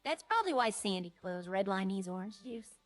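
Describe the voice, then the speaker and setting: A woman's voice: medium pitch, lively intonation, normal speed, no room sound, faint music behind. A woman streaming a roleplay game, chatting casually and jokily to her viewers in a rambling way.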